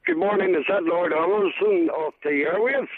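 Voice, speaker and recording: A man with a Northern Irish accent calling in to a radio show, telling a long joke in a halting, deadpan way. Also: high voice, a crowd in the background. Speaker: phone-in caller. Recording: tinny phone line.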